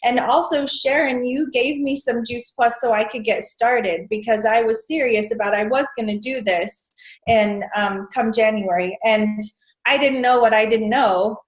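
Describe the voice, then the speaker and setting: A woman's voice: fairly high pitch, unhurried, roomy sound. A woman on a team sharing her own experience in an earnest, conversational way. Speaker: team member. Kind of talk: casual team talk.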